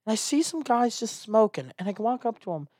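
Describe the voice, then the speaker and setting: A man, a stand-up comedian, telling a casual, animated story and acting out the people in it. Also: sits high, brisk, dry recording, studio quality. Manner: animated, acts out quoted voices.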